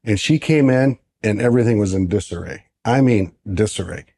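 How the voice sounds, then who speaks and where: Mellow-voiced man telling a client story. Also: lowish voice, a little fast, gravelly. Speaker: financial advisor. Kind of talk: casual podcast storytelling.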